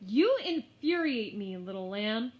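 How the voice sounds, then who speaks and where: A woman's voice: medium pitch, very animated, a little slow, a bit bright. A woman voicing an exasperated young schoolgirl who daydreams and keeps losing her temper. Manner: whiny, frustrated outbursts. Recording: slightly muffled lo-fi.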